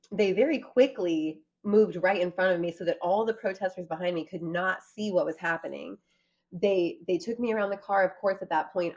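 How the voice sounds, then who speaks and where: A woman giving an earnest, animated account of her arrest during a conversation. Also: on the low side, highs cut off. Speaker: guest recounting an arrest.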